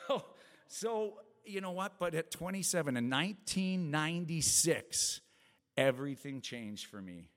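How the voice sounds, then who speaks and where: A middle-aged man, a worship leader, praying and telling his testimony in a chatty, lively way, laughing often and acting out voices. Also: a little high, unhurried. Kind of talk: prayer and personal testimony talk. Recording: long reverb of a large hall.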